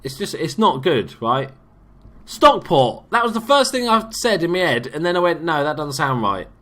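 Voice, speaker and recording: A man's voice: on the high side, very animated, normal speed, bright, forceful tone. A young man from England giving casual, sweary, jokey let's-play commentary as a gaming YouTuber.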